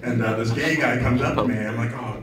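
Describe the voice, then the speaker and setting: A man's voice: medium pitch, fast. A man rambles through an open-mic stand-up set, offhand and self-deprecating. His voice comes from a distance in an echoey club, with a crowd laughing around him. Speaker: stand-up comedian. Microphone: stage mic recorded from far off. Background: audience laughter.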